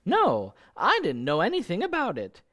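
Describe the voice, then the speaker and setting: An actor playing a nervous, bumbling young husband who stammers with many hesitations, in 1940s radio acting. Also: male voice, sits high, wildly swooping pitch, normal speed, fairly bright tone, heavily acted. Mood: exasperated.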